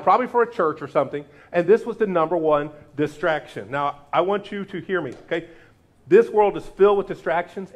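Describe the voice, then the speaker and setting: A man delivers a sermon as pastor, his voice sitting a little higher than most men's. He keeps it lively, trading jokes with the congregation, asking them questions and urging them to say lines back to him. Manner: lively, joking banter with the congregation; asks the audience questions and urges them to repeat after him.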